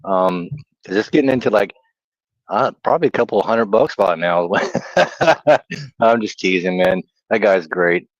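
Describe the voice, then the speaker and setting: Middle-aged Southern man, low and laughing. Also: animated, unhurried, long pauses, no room sound, muffled recording. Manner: laughs easily, chatty and self-teasing. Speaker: livestream co-host. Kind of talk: casual livestream chat.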